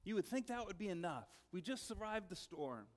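A male pastor with a high-pitched voice delivers a sermon in a relaxed, storytelling way. He often softens into quiet, earnest tones to drive a point home. The voice carries a long reverb from a large hall. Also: a little fast.

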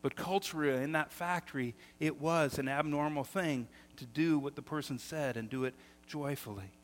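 A middle-aged man preaching a sermon as pastor, telling stories with lively energy and often repeating words as he starts sentences. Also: a little high, moderate pace. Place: church sanctuary. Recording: long hall reverb.

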